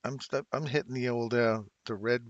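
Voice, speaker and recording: A man in his fifties, originally from England, talks casually to his livestream viewers. He jokes and laughs easily and reads out chart levels in a relaxed way. His voice is mid-pitched, recorded close on a dry, slightly muffled home microphone. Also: normal speed, no room sound. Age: 50s. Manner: chatty, laughs often, talks to chat viewers by name. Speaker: livestream trading host. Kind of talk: casual live-stream chat while reading charts. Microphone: desk mic, moved close.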